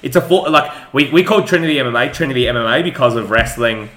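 A man's voice: mid-range voice, fast talker, a bit bright. A man, an MMA coach, chatting analytically on a podcast with frequent restarts. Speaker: MMA fighter and striking coach, guest. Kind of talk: casual podcast chat. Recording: echoey room.

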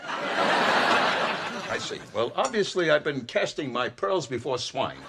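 A man's voice: mid-range voice, expressive, slow, gravelly. An older man playing a pompous, self-important father who speaks in grandiose phrases. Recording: noisy TV sitcom audio.

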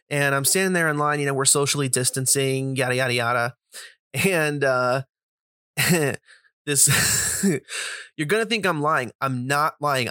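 Forceful, bright-voiced man telling a story. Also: medium pitch, no room sound, studio quality. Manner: chatty, profane, lots of fillers and asides. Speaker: podcast host. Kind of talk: casual storytelling monologue.

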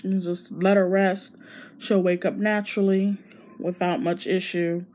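A woman's voice: on the low side, little pitch movement, a little slow, darkish tone. A young woman casually retelling a story, chatty with lots of fillers.

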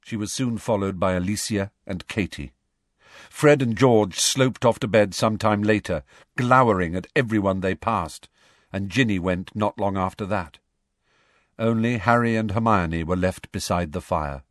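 Low-voiced man reading a storybook. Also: normal speed, dry recording, clean studio sound. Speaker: audiobook reader. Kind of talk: storybook narration.

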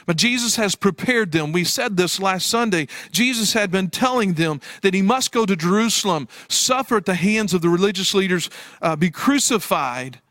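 A man's voice: high-pitched, expressive, moderate pace, a bit bright, no echo, clean studio sound. A man preaching a sermon as pastor, telling a personal story earnestly with frequent restarts and fillers.

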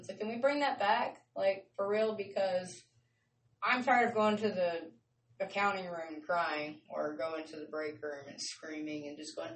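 A woman's voice: on the low side, fairly even intonation, moderate pace, far from the mic. A woman hosting her show in a casual, rambling, chatty way, often laughing. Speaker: show host. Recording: roomy sound from off-mic with faint noise.

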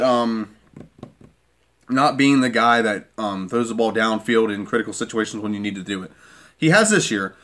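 A man's voice: mid-range voice, fairly bright tone. A man giving a heated sports-fan rant, repeating his points and asking "okay?" again and again. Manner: irate, repeats himself, keeps asking "okay?".

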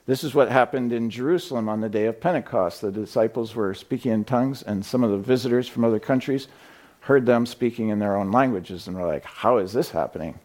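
A man's voice: medium pitch, a little fast, darkish tone. A man preaching a sermon in a conversational, storytelling way, with frequent fillers. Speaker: pastor. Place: church sanctuary.

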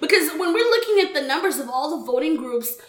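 A woman co-hosting a casual political chat, animated, swearing freely and laughing as she talks. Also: high voice, fast talker, roomy sound. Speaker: podcast co-host.

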